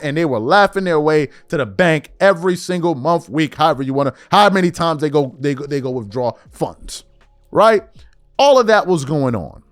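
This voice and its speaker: Animated man in a dry political rant. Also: fairly high pitch, moderate pace, no room sound, soft background music. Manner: animated, incredulous, rhetorical questions. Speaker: political commentary host. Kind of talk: political commentary monologue.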